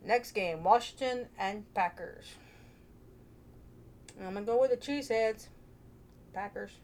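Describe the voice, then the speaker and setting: A woman's voice: medium pitch, unhurried, darkish tone. A woman hosting a casual vlog, chatty and playful, thinking aloud into her own microphone. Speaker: vlogger host.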